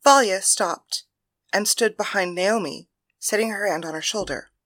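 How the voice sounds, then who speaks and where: A woman reads a story aloud and takes on her characters' voices in turn. Her tone is bright and clear, and she paces the narration evenly. The recording is close and dry with no room sound. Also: medium pitch, normal speed, no echo.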